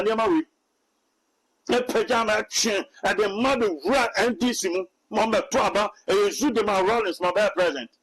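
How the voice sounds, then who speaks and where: High-voiced Ghanaian prophet preaching. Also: male voice, a bit bright, husky, poor audio. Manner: preachy, repetitive, hesitant restarts. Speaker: self-styled prophet. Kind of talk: animated Twi commentary mixed with English.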